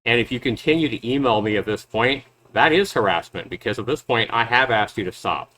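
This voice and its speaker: A man's medium-pitched, sharp, expressive voice moves a little fast as he sarcastically mocks a rival's clips. He's a YouTube game reviewer and developer doing reaction commentary.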